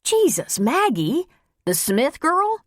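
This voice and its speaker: A woman's voice: high-pitched, huge pitch swings, slow, a bit bright, no room sound, clean studio sound, voice pushed up, exaggerated voice. A woman narrating an audiobook, voicing a commanding male small-town sheriff giving firm orders.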